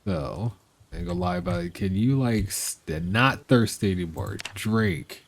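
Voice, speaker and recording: A man's voice: deep voice, lively intonation, a little slow. A man streaming live gameplay, chatting to his viewers and scolding the animals in the game, laughing and exasperated.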